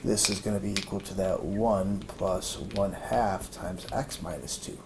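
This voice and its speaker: A man's voice: sits low, a little slow. A man giving an informal math lesson, thinking aloud with many fillers and restarts. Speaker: math teacher. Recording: noisy room recording.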